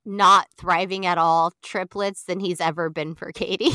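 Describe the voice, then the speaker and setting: A woman co-hosting a podcast, casually recapping a reality show with animated storytelling, acting out quotes and laughing often. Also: lowish voice, a little slow, smooth, no room sound, studio quality. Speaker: podcast co-host.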